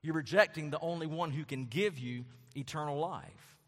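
A man's voice: fairly high pitch, normal speed, fairly bright tone. A man preaching a sermon as pastor, emphatic and repetitive, with rhetorical questions. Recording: long hall reverb.

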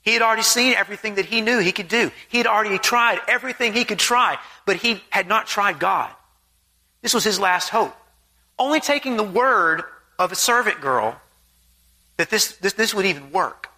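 Bright-voiced male preacher reading scripture. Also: sits high, normal speed. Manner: clears throat between readings, plain earnest delivery.

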